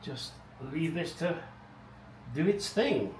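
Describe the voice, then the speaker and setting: With a slightly high voice and lively intonation, a middle-aged man takes it slowly as he narrates work on a car he's restoring, rambling wryly and casually with asides under his breath. The home garage recording is echoey, distant-miked and noisy.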